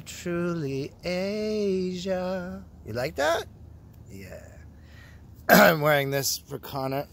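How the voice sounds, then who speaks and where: Bright-voiced joking man outdoors. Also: mid-range voice, slight background noise. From Canada. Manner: joking, teasing, swears freely. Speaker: vlogger. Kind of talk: casual rambling monologue to camera. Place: outdoor park.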